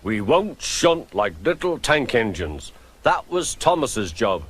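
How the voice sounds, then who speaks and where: A man voicing a proud, stubborn big male steam engine in a children's storybook, speaking slowly and haughtily. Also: mid-range voice, very animated, slight background noise. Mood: haughty. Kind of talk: storybook narration with character voices. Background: background music.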